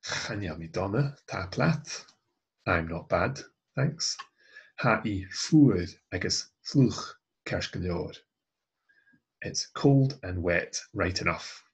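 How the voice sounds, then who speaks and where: A man with a deep, gravelly voice takes a language lesson at an unhurried pace. His tone is rough and husky. He reads dialogue lines and then explains them. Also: animated. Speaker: language tutor.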